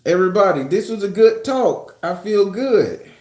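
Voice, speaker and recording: A man chats on a livestream from a room at home, swearing freely and joking as he reads out viewer comments. His voice is mellow and warm, and the room adds a noticeable echo. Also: sits high, expressive, normal speed. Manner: loose, profane, joking storytelling. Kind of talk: casual livestream chat.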